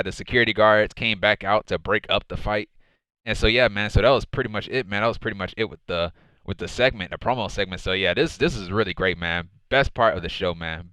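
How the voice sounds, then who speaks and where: A man's voice: on the low side, bright, forceful tone, clear, resonant tone, no room sound. A man casually recapping a wrestling show, rambling and leaning on repeated fillers.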